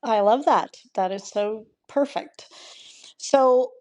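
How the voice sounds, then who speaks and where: A woman's voice: on the high side, takes it slowly, a little mellow. An American woman in her sixties, co-hosting a podcast with chatty, self-deprecating humor and frequent giggles. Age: 60s. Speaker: podcast co-host. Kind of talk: casual chat.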